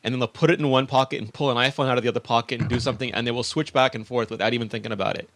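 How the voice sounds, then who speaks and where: A man hosting a tech podcast, brisk and joking as he wraps up the show. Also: medium pitch, steady tone, a bit bright, no echo. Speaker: host.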